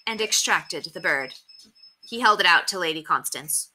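Lively woman reading a children's book aloud. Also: low voice, a little fast, slight background noise. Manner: expressive, plays up character voices. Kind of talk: children's read-aloud narration.

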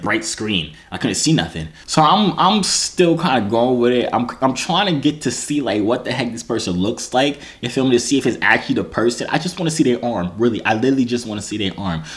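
A man vlogger telling a personal story to camera in a casual, slangy, self-mocking way, with lots of restarts. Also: fairly low pitch. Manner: animated, slangy, self-mocking, full of restarts and "you feel me".

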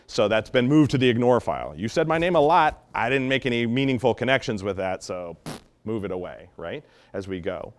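A man explaining dog training methods in an animated teaching talk, acting out example tones of voice as he goes. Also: on the low side, a little fast. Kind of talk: instructional talk.

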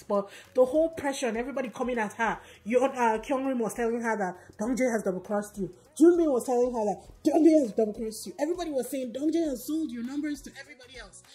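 Chatty woman recapping a reality show. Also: on the high side. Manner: animated, fast storytelling with fillers and acted quotes. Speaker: recap vlogger.

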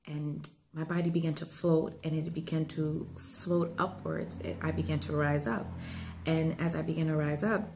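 A woman's voice: low-pitched, level tone, normal speed, noisy background. A woman talking earnestly to her viewers, telling a dream and giving faith-based encouragement in a conversational way. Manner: earnest, conversational, with frequent fillers; rising to fervent preaching tone. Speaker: inspirational vlogger.

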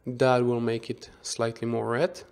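A man of middle pitch talks slowly and unhurriedly through a screen-recorded software tutorial. He thinks aloud as he works, often restarting a phrase and correcting himself partway through. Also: completely flat delivery, vocal fry, smooth. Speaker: 3D visualization instructor.

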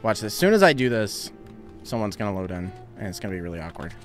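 A man's voice: lowish voice, very animated, quick pace, soft background music. A young man casually chatting on a live game stream, laughing often and reading out viewer donations. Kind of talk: casual live-stream chat while gaming.

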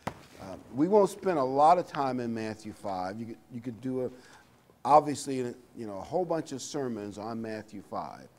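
A man preaching a sermon in a relaxed, conversational way, reading scripture aloud between his own remarks. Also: mid-range voice, moderate pace, a little hiss or hum. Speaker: pastor.

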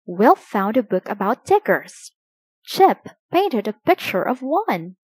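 A woman reading a children's picture book aloud, slowly and expressively for young listeners. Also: fairly high pitch, sing-song, slightly rough, no room sound. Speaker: storybook reader.

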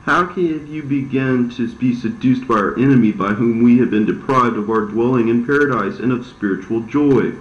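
A man's voice: mid-range voice, moderate pace, few pauses, close to an everyday voice. Guy reading as adam, the sad first man, pleading and mourning, kinda echoey and muffled. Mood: anguished. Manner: pleading, lamenting. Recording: roomy, slightly dull recording.

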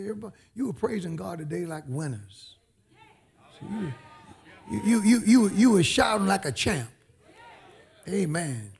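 A man's voice: on the high side, husky. A man preaching a sermon as a bishop, emphatic, repeating phrases and calling out amen.

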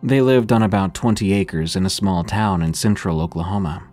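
Brief: male horror-story narrator, very low voice, calm measured read, faint music underneath.

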